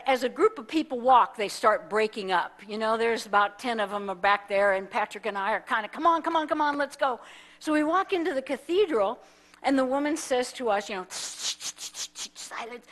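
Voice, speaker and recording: A woman's voice: a little high, fairly bright tone. A woman minister from the United States telling a story in a sermon, acting out the people in it as she goes. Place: church sanctuary.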